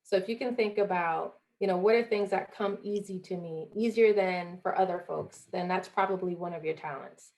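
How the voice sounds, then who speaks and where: A young Jamaican woman who used to compete as a college athlete speaks earnestly as a podcast guest, voicing the people she quotes. Her fairly low, slightly mellow voice moves at a moderate pace with few pauses, in the style of a motivational interview.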